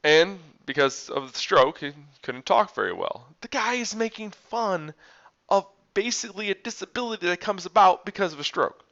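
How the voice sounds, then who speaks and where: A man teaching history as a story, animated and dramatic, with big swings in loudness. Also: sits high, normal speed. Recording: dull lo-fi recording.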